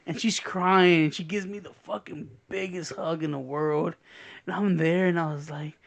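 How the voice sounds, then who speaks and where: A man's voice: fairly high pitch, steady tone, moderate pace, vocal fry. A man chatting casually on a podcast, laid-back, swearing and calling people dude. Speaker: podcast co-host. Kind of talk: casual chat.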